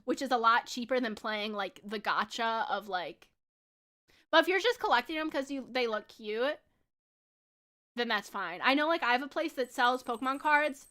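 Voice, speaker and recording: A woman's voice: fairly high pitch, lively intonation, normal speed, sharp tone. A young woman chatting casually with her viewers while playing a game, giggly and full of fillers. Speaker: game streamer. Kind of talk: casual chat while gaming.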